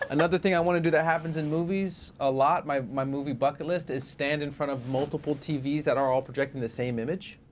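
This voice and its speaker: A man co-hosting a movie podcast in a loose, comic chat. He is animated and laughs often. A faint hiss of background noise sits under his voice. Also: fairly high pitch, fast, few pauses. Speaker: podcast co-host. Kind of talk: casual movie review chat.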